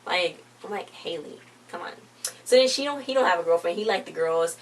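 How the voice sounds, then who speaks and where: A woman's voice: on the low side, animated, fast. A young woman in a casual review, rambling through a TV episode and slipping into playful quoted voices. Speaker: TV show reviewer. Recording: distant mic, faint background noise.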